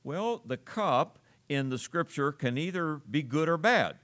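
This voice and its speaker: A pastor with a somewhat high voice delivers a sermon to his congregation. He explains scripture in an earnest, steady way, pausing often and using plenty of fillers.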